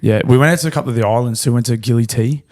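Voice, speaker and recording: A man's voice: mid-range voice, rapid-fire, a little mellow. A young Australian man co-hosting a podcast in sweary casual chat, often giving short agreeing replies. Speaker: podcast co-host.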